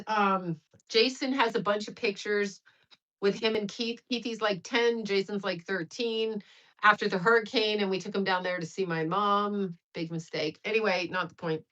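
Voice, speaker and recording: A blunt woman in her fifties, a livestream host and astrologer, chats casually with her viewers while sweating. Her bright, sharp-edged, medium-pitched voice rambles from story to story as she swears freely and laughs at her own bluntness. The audio sounds slightly dull and lo-fi.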